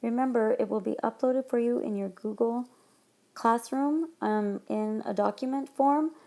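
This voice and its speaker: A woman teacher talks through a recorded lesson in a clear, explanatory way, her voice carrying a gravelly edge. She speaks into a tablet microphone. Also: on the high side, unhurried, dark tone. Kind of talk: recorded classroom lesson narration.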